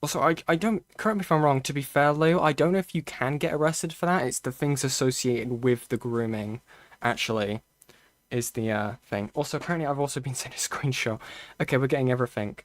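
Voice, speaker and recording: A man's voice: medium pitch, a little fast, no room sound. A man giving casual live-stream commentary, thinking aloud with restarts, frequent okays and the odd curse, close to his mic. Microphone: close desk mic.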